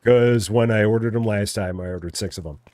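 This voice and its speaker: Speaking a little fast in a lowish, slightly mellow voice, a middle-aged man streams a store simulator game. He talks to himself as he stocks shelves and answers viewers, reading their chat out loud.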